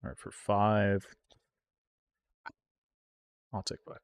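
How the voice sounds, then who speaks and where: Slow, low-voiced man groaning at a card game. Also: smooth. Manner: excitable, groans and yelps at the game, talks to chat. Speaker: streamer playing an online card game. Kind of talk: live gameplay commentary.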